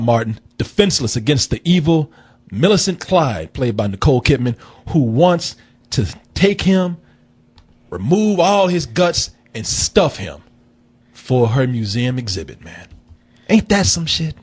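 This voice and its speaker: A man's voice: mid-range voice, very animated, a little slow, husky. A man hosting a casual film review show, telling the story in a profane, rambling, joking way. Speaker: film review podcast host. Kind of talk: casual comedic chat.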